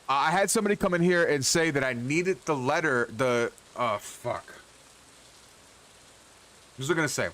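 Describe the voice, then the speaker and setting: A man's voice: a little high, moderate pace, pushed and bright. A man streaming a farming game, grumbling and swearing at the characters as he plays. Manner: profane, exasperated grumbling to himself. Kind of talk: casual gameplay commentary.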